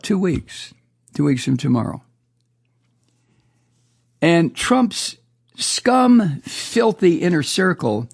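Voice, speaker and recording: A male talk host rants through a political monologue, indignant and profane, often tripping over his own words. His voice sits a bit high and gravelly, and it swings widely up and down as his outrage builds. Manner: indignant, profane ranting with repeated stumbles.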